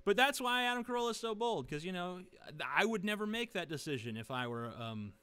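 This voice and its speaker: A man's voice: high voice, sing-song, brisk, bright, forceful tone, clean tone. Sarcastic man ranting at his webcam. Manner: sarcastic, profane, rambling with many fillers. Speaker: vlogger. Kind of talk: casual webcam rant. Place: living room.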